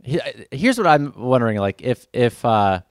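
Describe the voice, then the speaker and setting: Halting man spinning a comedy story. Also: mid-range voice, very animated, no room sound, studio quality. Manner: halting, restarts sentences. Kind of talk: improvised comedy chat.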